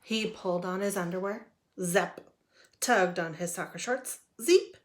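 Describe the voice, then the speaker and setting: A woman reading a children's picture book aloud in a lively, expressive way. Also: lowish voice, normal speed. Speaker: storyteller. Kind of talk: children's storybook read-aloud.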